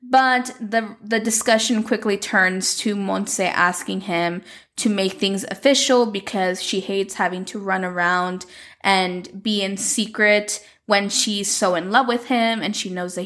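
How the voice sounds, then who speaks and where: A woman's voice: mid-range voice, fairly bright tone. A young woman casually recapping a soap opera plot, chatty and full of "like", retelling the scenes. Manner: chatty, lots of "like", retells the dialogue. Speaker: telenovela recapper.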